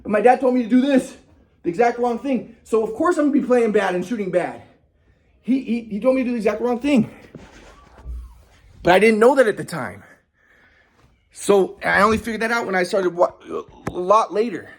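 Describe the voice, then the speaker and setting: A man's voice: high-pitched, moderate pace, pauses often. A young man telling a personal story in a rambling, aggrieved way, with many restarts and repetitions. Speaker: vlogger.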